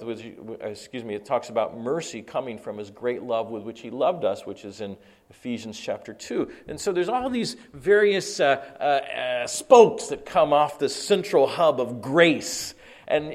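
A middle-aged man preaching an earnest sermon, often repeating and restarting his words. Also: mid-range voice. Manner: earnest, repetitive stammering restarts. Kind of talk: sermon teaching.

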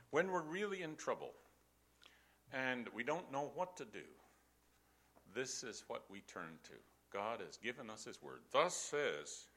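A man's voice: medium pitch, a bit bright. An older man preaching a sermon, telling a story emphatically and posing rhetorical questions to his congregation.

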